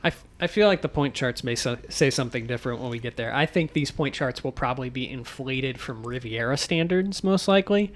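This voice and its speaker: A man's voice: mid-range voice, animated, brisk, hardly any pauses. A man co-hosting a podcast, talking in an analytical, filler-heavy way. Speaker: podcast co-host. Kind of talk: casual podcast chat.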